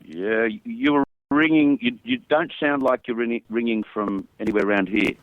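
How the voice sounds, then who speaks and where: A man's voice: mid-range voice, big pitch swings, normal speed, creaky, dry recording, narrow, tinny audio. A man hosting talk radio, blunt and skeptical, challenging his callers. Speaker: radio host.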